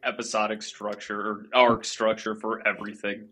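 A man's voice: on the low side, little pitch movement, normal speed, pushed and bright. A man guesting on a podcast, adding laid-back, wry comments in casual anime chat.

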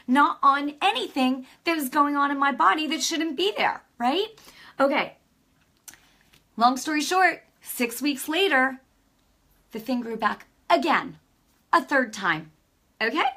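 A middle-aged woman shares a religious testimony with a bright, forceful voice. Her telling is fervent and emotional. It swings between soft, hushed passages and loud, impassioned declarations. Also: high-pitched. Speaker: speaker giving a testimony. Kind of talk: testimony sermon.

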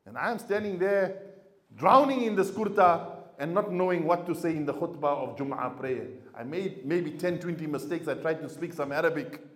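Male imam, sermon delivery, slightly high pitch, dynamic storyteller, roomy echo. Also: moderate pace. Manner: storytelling, swings from quiet to loud emphasis. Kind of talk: sermon to a congregation.

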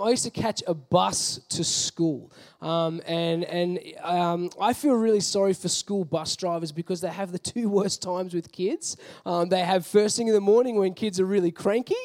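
A young adult man with an Australian accent, unhurried and a little mellow, delivers a sermon in a high-pitched voice. As a pastor he tells personal stories in a relaxed way, using many fillers.

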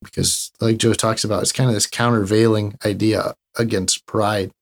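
A man's voice: fairly low pitch, level tone, moderate pace, creaky. A man co-hosting a casual faith talk show, talking in an easygoing, conversational way with fillers. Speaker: co-host.

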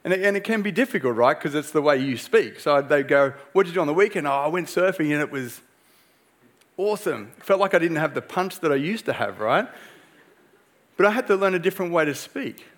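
A man's voice: a little high, animated, fairly quick. Earnest man preaching a sermon. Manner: earnest, conversational preaching with rhetorical "right?". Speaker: pastor.

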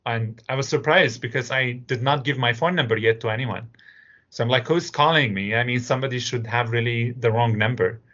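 Middle-aged Syrian-accented male guest, animated storyteller, bright tone, dull lo-fi recording. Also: medium pitch, brisk. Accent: Syrian Arabic. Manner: animated storyteller, acts out voices in anecdotes. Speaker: interview guest, immigrant business owner. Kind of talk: storytelling interview answers.

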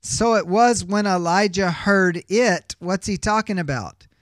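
A man's voice: sits high, measured pace, fairly bright tone, no room sound, studio quality. A man teaching a biblical counseling class, reading scripture aloud and explaining it emphatically with rhetorical questions. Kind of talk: Bible teaching lecture.

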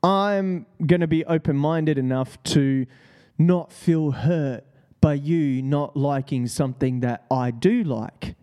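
A man's voice: fairly high pitch, slow pace, warm tone, smooth. A young man hosting a casual solo podcast, laid-back and profane, rambling with lots of fillers. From Australia. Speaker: podcast host.

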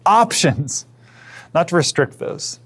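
A pastor delivers a sermon in a somewhat high, husky voice with lively intonation, taking his time. He speaks earnestly and conversationally, often restarting phrases and sometimes dropping to a near whisper.

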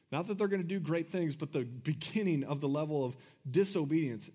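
A man's voice: on the high side, brisk, hardly any pauses, dark tone, husky. A male pastor giving a sermon in a conversational way, filling his talk with "like" and laughing between points.

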